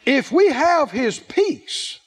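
A man's voice: very high-pitched, very animated. A man preaching a sermon, drawing out his phrases and firing questions at the congregation. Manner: emphatic, drawn-out phrasing with questions to the audience; plays out little acted dialogues.

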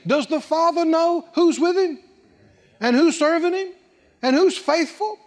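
A man's voice: extremely high pitch, measured pace. A male preacher delivering a dramatic sermon, acting out scripture scenes and hammering his points with repetition. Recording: long hall reverb.

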